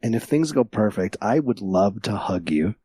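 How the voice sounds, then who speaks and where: A man's voice: lowish voice, expressive, normal speed, mellow, husky, no room sound. Effusive, tipsy man guesting on a podcast. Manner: effusive, jokey, sentimental. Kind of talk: casual podcast chat.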